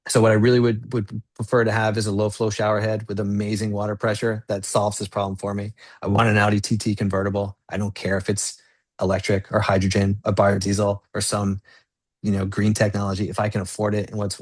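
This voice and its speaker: A man's voice: fairly low pitch, dry recording. A man as an interview guest, telling a personal story with energy and acting out the voices in it. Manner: animated, acts out quoted dialogue. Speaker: guest entrepreneur. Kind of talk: conversational storytelling.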